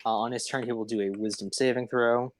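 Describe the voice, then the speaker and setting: A man running a tabletop game as game master, narrating slowly with many fillers and tallying dice aloud. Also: medium pitch, steady tone, poor audio.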